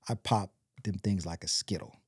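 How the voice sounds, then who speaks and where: A man's voice: low voice, steady tone, normal speed, husky, no echo, clean studio sound. A man from Compton, a podcast guest, telling a long personal story in a rambling way and acting out the quoted voices. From Compton, California. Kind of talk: storytelling in casual interview.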